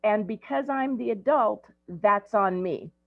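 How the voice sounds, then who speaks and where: A woman's voice: mid-range voice, unhurried, creaky, no room sound. A woman in her sixties, an ADHD coach, giving a conversational talk to parents, telling stories with frequent ums. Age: 60s. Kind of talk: presentation to parents. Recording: tinny phone-like dry audio.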